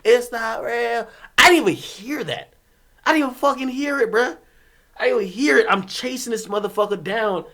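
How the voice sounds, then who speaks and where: A young man from Jamaica, a streamer telling a rowdy story in casual chat, swearing freely, laughing, swinging from loud bursts to low mutters. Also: a little fast.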